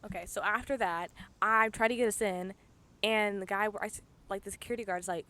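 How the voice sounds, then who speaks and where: A young woman recounts a mishap on a casual podcast. Her pitch sits in the middle, and she throws herself into the telling, putting on the voices of the people in her story. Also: fast. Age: young adult. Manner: animated, dramatic retelling with quoted voices. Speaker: podcast co-host.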